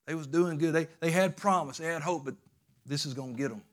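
A pastor preaches a sermon in a fairly high male voice. He swings between loud, urgent climaxes and soft, low passages, repeating his phrases for emphasis in a loose, colloquial way. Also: fairly quick, slight background noise.

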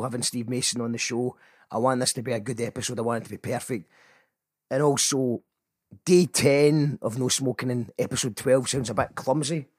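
A Scottish man hosts his own homemade radio show and rambles on in a loose, self-mocking way. His voice is husky and sits a little high for a man, with faint music behind him. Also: no echo. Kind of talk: casual solo podcast talk.

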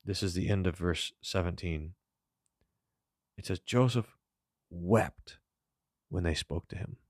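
A man's voice: sits low, slow, no room sound, clean studio sound. A man, a pastor, teaching on the Bible in a storytelling way and reading verses aloud with rising emphasis.

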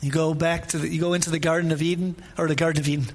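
High-voiced man preaching casually. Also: little pitch movement, racing. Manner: informal, asks listeners questions directly; repeats phrases for emphasis. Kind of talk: conversational sermon.

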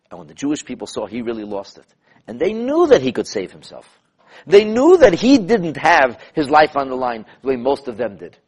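A man who is a rabbi teaching a class, telling stories in an animated, emphatic way and repeating phrases to drive points home. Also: medium pitch, slightly rough. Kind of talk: lecture with storytelling.

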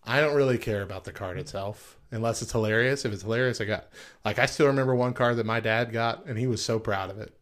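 A man's voice: medium pitch, fast, a bit bright. A man co-hosting a casual talk show, joking and laughing often as he tells stories. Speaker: co-host. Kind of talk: casual chat.

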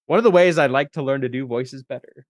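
A man who is a guest on a tabletop gaming podcast, chatting casually with bursts of enthusiasm. His pitch sits in the middle and the recording is dry and close. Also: fast, dry recording.

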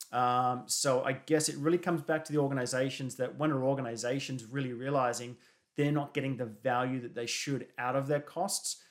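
A man hosting a podcast, talking casually and growing emphatic and animated as he makes his point. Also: mid-range voice. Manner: emphatic, grows animated and forceful. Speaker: podcast host.

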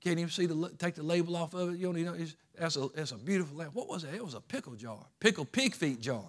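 Folksy preaching pastor, high-pitched man. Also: lively intonation, fast. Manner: folksy preaching, rising to fervent calls. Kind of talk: sermon.

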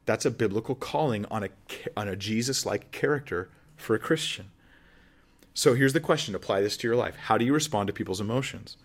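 A man's voice: lowish voice, fairly quick. A man speaking as a pastor in a Bible teaching sermon, earnest and conversational, often asking the audience questions.

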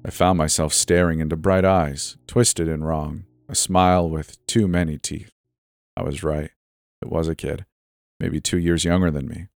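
A man's voice: a bass voice, flat delivery, normal speed, creaky, no room sound. A man narrating a first-person horror story in a tense, storytelling delivery. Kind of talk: scripted narration. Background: faint background music.

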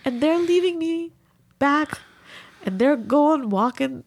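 A middle-aged woman hosting a podcast, telling a story in a casual, animated way and acting out the people she quotes. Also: slow, creaky. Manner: animated, acts out quotes with big pitch jumps. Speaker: podcast host.

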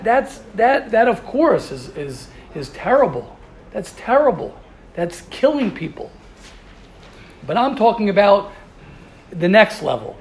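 Passionate high-voiced rabbi. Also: male voice, a little mellow, a little hiss or hum. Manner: passionate, repeats words and restarts often. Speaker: yeshiva rabbi. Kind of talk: informal Torah talk.

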